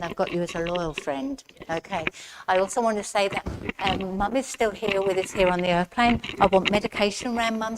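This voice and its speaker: A woman giving a chatty mediumship demonstration in a village hall, speaking straight to one member of the audience. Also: lowish voice. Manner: chatty, speaks straight to the recipient, relays messages. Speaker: spiritualist medium. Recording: loud background noise in a hall.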